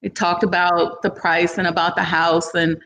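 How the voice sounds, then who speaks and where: A woman's voice: fairly low pitch, moderate pace, slight background noise. A businesswoman guest in an interview, casually telling a long story and acting out what people said to her, with informal phrasing. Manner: animated, acts out other people's lines in the story. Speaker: entrepreneur guest.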